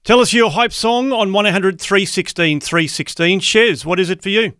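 A man's voice: sits high, normal speed, noisy background. An Australian man co-hosting breakfast radio, easygoing and a little hesitant. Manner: easygoing, hesitant, laughs a lot. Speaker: radio co-host.

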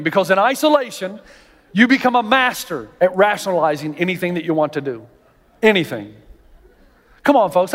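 A man with a high voice preaches from a church stage. He tells stories with humor and climbs to near-shouts. The sound carries the long reverb of a large sanctuary. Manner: animated, jokey storytelling, rising to near-shouts. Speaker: pastor. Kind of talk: sermon.

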